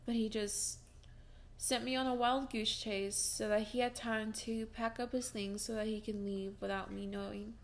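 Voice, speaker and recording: A woman's voice: a little high, level tone, normal speed, slight background noise. A young woman vlogging from home, telling a personal story in a casual, chatty way with many fillers and restarts, and breaking into laughs as she talks.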